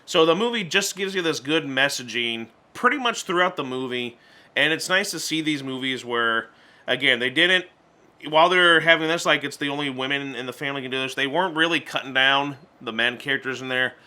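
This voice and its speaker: Bright-voiced chatty man reviewing movies. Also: mid-range voice, a little fast. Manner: chatty, stumbling restarts, acts out character lines in voices. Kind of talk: casual spoken movie review.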